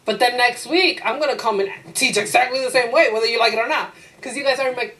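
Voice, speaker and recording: A woman teacher giving a lively classroom lecture. She acts out her own inner voice in quotes, asks the class rhetorical questions and laughs easily. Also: fairly high pitch, fast, rough recording.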